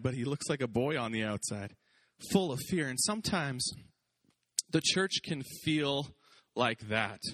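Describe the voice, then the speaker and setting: A man preaching a sermon as pastor, lively and conversational, joking and acting out quotes. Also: a little high.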